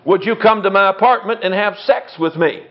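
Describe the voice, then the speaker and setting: A man's voice: high-pitched, normal speed, lightly acted. A man putting on a brazen pushy man with a Hebrew accent. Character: pushy man propositioning a woman. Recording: dull lo-fi recording.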